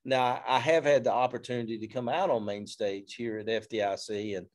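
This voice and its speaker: A man, a fire service instructor telling a story in an interview in an animated, self-deprecating way. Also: mid-range voice, brisk.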